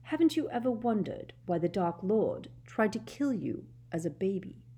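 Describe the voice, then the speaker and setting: A woman reading a story aloud, voicing a cold, scheming grown man who speaks slowly and maliciously. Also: mid-range voice, animated, warm tone, voice pushed up. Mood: gloating. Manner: slow, smooth and malicious.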